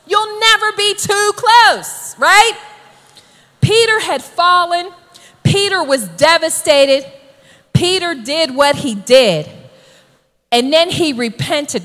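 A woman preacher delivering an emphatic, exhorting sermon that builds to shouted calls to the congregation. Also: very high voice, in a large hall.

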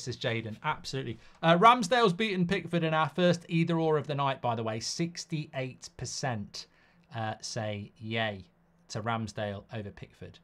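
Man, football watchalong host, casual live chat, blunt opinions, middle pitch. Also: moderate pace, a bit bright. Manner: chatty, reads viewer comments aloud, blunt opinions.

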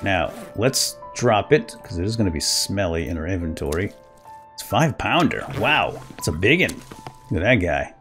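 A man giving casual, chatty commentary while playing a survival game, getting excited over small wins and chuckling often. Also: low voice, moderate pace, soft background music. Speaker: let's play gamer.

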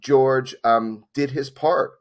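A man in his forties, a documentary filmmaker and interview guest, telling a personal story in a lively way, acting out the dialogue and filling gaps with "like". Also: medium pitch, takes it slowly. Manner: lively, acts out quoted dialogue, many "like" fillers.

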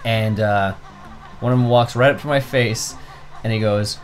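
A man's voice: lowish voice, normal speed, soft background music. A young man telling a long, profane anecdote while co-hosting a casual video-game playthrough. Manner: animated anecdote-teller, swearing freely. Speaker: let's play co-host. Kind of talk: casual storytelling over gameplay.

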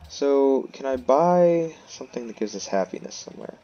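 A man's voice: medium pitch, lively intonation, normal speed, mellow, highs cut off. A man giving casual gameplay commentary, thinking aloud and making self-mocking asides. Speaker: let's play host.

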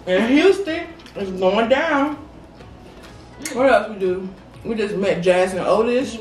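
Between bites, a woman guest on a mukbang video talks casually about what she is eating. Her mid-range voice moves at a slow pace, and the roomy sound comes from a far-off mic with faint background music.

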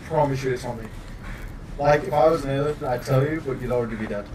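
A man playing a video game with friends, chatting casually and repeating pleas and accusations. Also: mid-range voice. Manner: quick repetitive pleading and accusing. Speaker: game player. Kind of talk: casual gaming chat. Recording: distant mic with loud noise.

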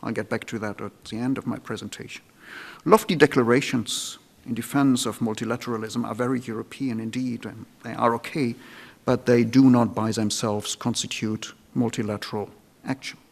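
In a lecture hall, a man gives a formal public lecture in a measured, deliberate way, occasionally restarting a phrase. His voice is mid-range and steady in tone, with vocal fry.

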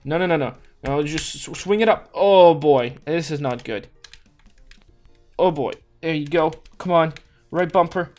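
A man's voice: on the high side, measured pace, long pauses. A man giving let's play commentary, talking to himself as he plays, with lots of repeated words and sudden exclamations. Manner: talks to himself with frequent restarts and exclamations. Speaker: gaming YouTuber. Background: faint background music.

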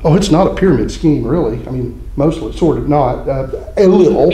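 A man preaching a sermon as pastor, joking and conversational, acting out quick mock voices. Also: mid-range voice, lively intonation, warm tone, echoey room, low-quality recording. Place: church sanctuary.

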